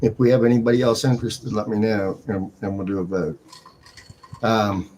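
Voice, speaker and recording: A man's voice: on the low side, little pitch movement, normal speed, a little mellow, a little hiss or hum. A man running a fantasy football draft on a live stream, casually explaining the league's scoring rules with frequent restarts.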